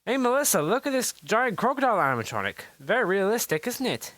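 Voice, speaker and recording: A performer voicing a calm, sensible father who talks in halting restarts. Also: medium pitch, no room sound, pitched above the performer's own voice. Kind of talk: homemade storybook voice acting.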